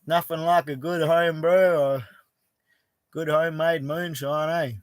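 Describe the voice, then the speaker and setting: Speaking from a bush camp in the outback, this Western Australian livestream host is a middle-aged man who keeps things blunt and relaxed, cursing without restraint. He sounds a little high, even in tone and unhurried, and the recording has no echo.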